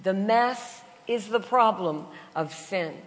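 Slow and mid-range, a woman speaks in a large hall with long reverb, preaching a Christian sermon while suffering from a cold. Her message is filled with funny travel stories, and she acts out voices and laughs between her lines.

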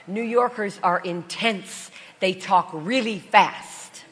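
A woman's voice: mid-range voice, slow, fairly bright tone. A woman Christian speaker with a cold, preaching a sermon full of funny stories, putting on voices and laughing between lines. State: has a cold. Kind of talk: sermon with humorous travel stories. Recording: long reverb in a large hall.

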